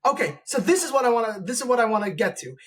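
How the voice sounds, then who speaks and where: In an extremely high, very animated voice with a slightly bright edge, a man hosting a podcast interview rushes through a long, opinionated argument. He keeps restarting and rambling, and he acts out the voices he quotes.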